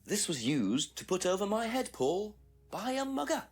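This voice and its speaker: A calm, probing police inspector. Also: male voice, sits high, slightly rough, heavily acted. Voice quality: measured, persistent questioning. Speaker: police inspector in a detective game. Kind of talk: FMV game acting.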